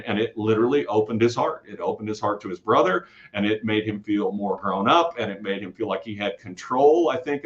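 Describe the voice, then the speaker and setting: A lower-voiced man spins his stories in a rambling, lively way, doubling back on his words as he goes. The audio is dull and lo-fi, with the top end rolled off. He sounds like a guest on a casual interview show. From Kansas City area. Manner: rambling, animated storytelling with restarts. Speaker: guest storyteller and podcaster.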